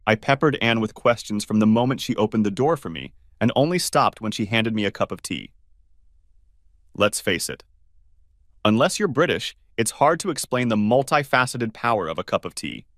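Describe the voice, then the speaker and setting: A man's voice: expressive, normal speed, a bit bright, dry recording, clean studio sound. A man reading a first-person story aloud and voicing every part himself. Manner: reads every part himself, raising his pitch for alarmed questions. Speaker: narrator.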